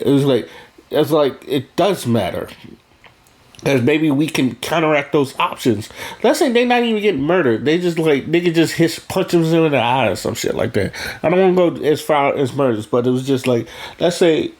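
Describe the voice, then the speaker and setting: A man's voice: a little high, animated, moderate pace. A man talking bluntly in a casual monologue, profane and rambling, restarting his sentences as he goes. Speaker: vlogger.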